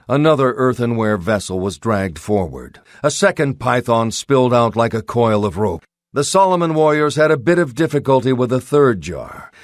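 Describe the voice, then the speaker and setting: A man narrates a pulp adventure audiobook in a steady, dramatic voice of middling pitch. The sound is dry and close, as in a studio booth. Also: normal speed, no echo.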